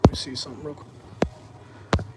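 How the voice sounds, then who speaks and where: A man's voice: unhurried, background noise. A young man hosting a live-streamed sports card break, chatting casually to his viewers as he opens packs.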